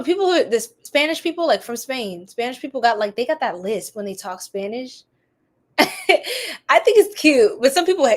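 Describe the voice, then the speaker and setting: A woman hosting a live tarot reading, chatty and giggly, rambling with lots of fillers. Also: a little high.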